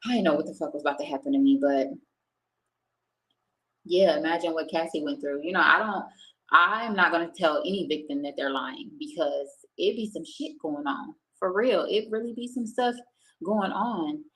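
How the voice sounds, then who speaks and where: This low-pitched, fairly bright female voice moves at a moderate pace on a rough recording. A young woman on a home stream chats casually with viewers, recounting something personal with raw emotion and plenty of swearing.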